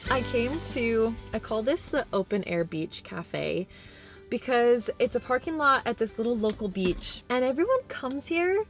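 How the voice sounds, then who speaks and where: A woman's voice: on the high side, a little slow, over music. Bubbly young woman vlogging. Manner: bubbly, gushing, excitable. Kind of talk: casual vlog narration. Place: car and beach outdoors.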